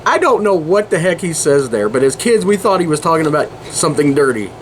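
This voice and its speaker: A man's voice: fairly high pitch, big pitch swings, a little fast, a little hiss or hum, low-quality recording. Chuckling, rambling man podcast host. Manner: rambling, chuckling often, restarts. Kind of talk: casual podcast chat.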